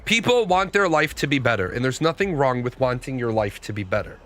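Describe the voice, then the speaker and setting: Blunt, profane man with a bright voice. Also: mid-range voice, big pitch swings, a little fast. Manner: blunt, profane, talks back to viewer comments. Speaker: podcast host. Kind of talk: opinionated casual commentary.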